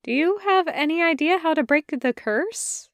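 A woman reading a crisp, earnest teenage girl. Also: very high-pitched, expressive, normal speed, no echo, clean studio sound, voice pushed up. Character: brisk, polite teenage girl on the phone.

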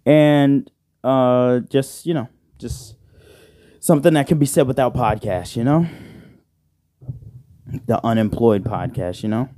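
Here a solo podcast host talks a little slowly with long pauses, his mid-range voice dark-toned and free of echo. It's loose, profane chat full of jokes, tangents and "bro," captured on a side-address studio mic.

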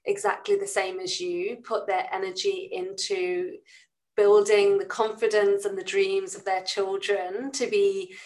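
A woman's voice: mid-range voice, little pitch movement, unhurried, darkish tone, rough recording. A woman hosting an interview, speaking reflectively in long, thoughtful questions. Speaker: podcast host. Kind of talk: interview conversation.

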